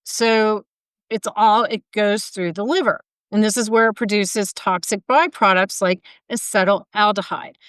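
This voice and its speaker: Recorded dry with a clean tone, this health coach speaks in a mid-range, fairly bright voice on her solo podcast. Her casual delivery includes side remarks and self-corrections, and she comes across as somewhat weary and prone to stumbling over words.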